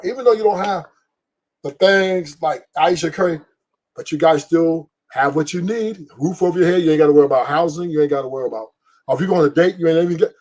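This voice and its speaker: A middle-aged man with a husky, slightly raised voice hosts a casual stream. He talks bluntly and profanely, rambles from point to point and laughs at his own stories. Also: high voice. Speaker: podcast host. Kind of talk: casual opinion talk on a live stream.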